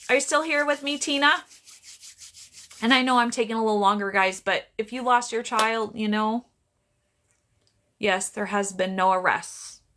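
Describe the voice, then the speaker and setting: A woman's voice: fairly high pitch, bright, forceful tone. A woman doing psychic readings on a live stream, chatty and rambling, often breaking off to greet viewers by name. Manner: chatty, restarts a lot, talks to viewers by name.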